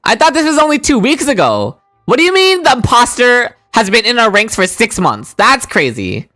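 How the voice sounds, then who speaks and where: Excitable woman streamer, lively voice. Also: on the high side, normal speed. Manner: excitable, chatty, voices characters. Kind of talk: game stream, reading dialogue aloud.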